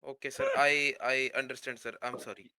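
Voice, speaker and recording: A man's voice: mid-range voice, little pitch movement, a little fast, over a noisy crowd. A man playing a polite, apologetic student who keeps calling the teacher sir. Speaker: student in the spelling bee.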